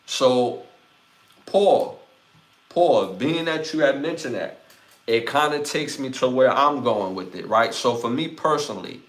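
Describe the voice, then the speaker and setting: A man with a Brooklyn accent hosting a casual live podcast, reading out chat comments and giving shout-outs in a laid-back way. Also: mid-range voice, animated, moderate pace. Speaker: podcast host.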